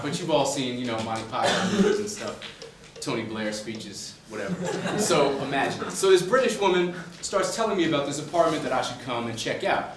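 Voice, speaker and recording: A man's voice: mid-range voice, background noise. A man from the Boston suburbs, an author speaking to a university class, telling a story in a conversational way with many fillers. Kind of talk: humorous storytelling lecture. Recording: echoey room, distant mic, faint ambience.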